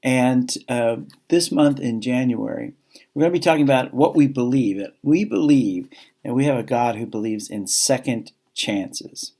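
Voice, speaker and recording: Man in the chaplain role, easygoing chapel talk for students, chatty and self-deprecating, average pitch. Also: unhurried, warm tone. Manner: chatty, self-deprecating, reads scripture aloud. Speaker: school chaplain.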